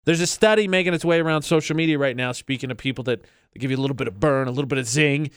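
A man's voice: mid-range voice, rapid-fire, smooth, no room sound, studio quality. A man co-hosting a radio show, joking and sarcastic in casual banter. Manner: joking, sarcastic, playfully declarative. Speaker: radio co-host. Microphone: studio microphone.

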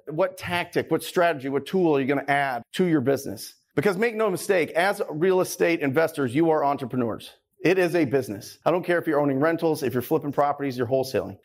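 A man giving an energetic motivational talk on real estate investing, driving his points home with repetition. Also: a little high. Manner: energetic, emphatic, repeats key phrases.

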